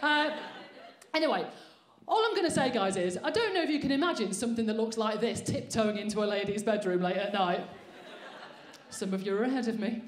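A woman's voice: a little high, lively intonation, a little fast. A woman doing a brash, sweary, self-mocking stand-up set on a comedy club stage. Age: 40s. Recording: roomy live venue sound.

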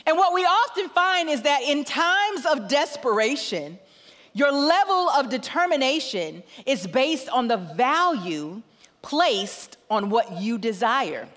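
A woman's voice: sits high, big pitch swings, takes it slowly, a bit bright. A middle-aged woman preaching as a guest pastor, telling a family story with acted dialogue. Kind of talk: sermon with storytelling. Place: large church auditorium. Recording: long church hall reverb.

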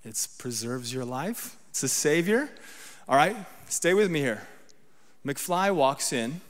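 A man's voice: mid-range voice, very animated, slow pace, big-room sound. A man giving a sermon as guest preacher, talking conversationally and often checking in with the congregation. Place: church sanctuary.

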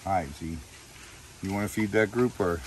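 A man's voice: deep voice, normal speed, a little hiss or hum. A man vlogging while feeding animals outdoors, chatty and coaxing with them. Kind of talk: casual vlog chat.

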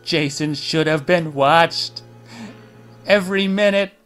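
A man voicing a calm, unhinged middle-aged woman killer who speaks in a quiet, bitter, menacing tone. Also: a little high, measured pace, faint music behind, lightly acted.

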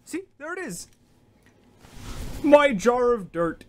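A performer voicing an excitable, teasing toy engine in a fan dub, chirpy and sing-song. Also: mid-range voice, slow, pitched above the performer's own voice. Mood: giddy.

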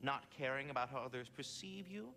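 An actor playing a fussy, pompous male squirrel spirit in a video game, speaking in florid, prim phrases and quick to get flustered. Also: mid-range voice, animated, pushed and bright. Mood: haughty. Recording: game music behind the voice. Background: game music.

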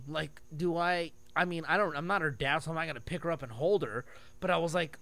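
A man's voice: a little high, brisk, gravelly. A man on a podcast, telling a story in casual chat and laughing at himself as he goes. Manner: animated storyteller, laughs at his own stories. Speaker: podcast co-host.

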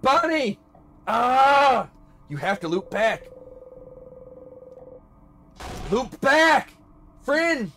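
A man voicing a young male hero who screams and pleads frantically, high and loud. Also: big pitch swings, very slow, soft background music, full character voice. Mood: desperate.

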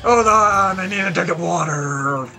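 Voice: mid-range voice, measured pace, creaky, pushed and bright, soft background music. A let's play host making joking, self-mocking asides while playing. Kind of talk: casual gameplay commentary.

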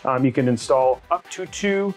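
A man hosting a hands-on tutorial, explaining each step in an energetic, chatty way with fillers and quick asides. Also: medium pitch, soft background music. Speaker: tech channel host.

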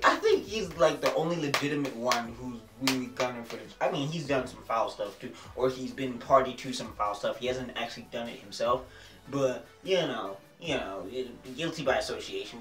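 A man casually reviewing a TV episode in a vlog, excitable and slangy, often repeating phrases. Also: mid-range voice, moderate pace. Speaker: TV show reviewer. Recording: roomy echo, distant mic, faint music.

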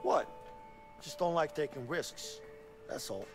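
An actor playing a laid-back criminal who talks in a dry, offhand way in video game dialogue. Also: male voice, fairly high pitch, animated, slow. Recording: game audio over music.

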